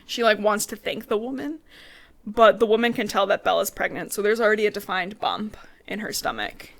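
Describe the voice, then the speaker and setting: A woman's voice: mid-range voice, lively intonation, brisk, gravelly. A young woman co-hosting a podcast, recapping a book in casual chat, swearing freely and acting out characters' lines. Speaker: podcast co-host.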